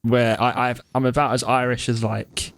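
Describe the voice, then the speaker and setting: A man's voice: mid-range voice, level tone, normal speed, vocal fry, no echo, studio quality. A man co-hosting a podcast in casual chat, teasing and rambling. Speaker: podcast co-host.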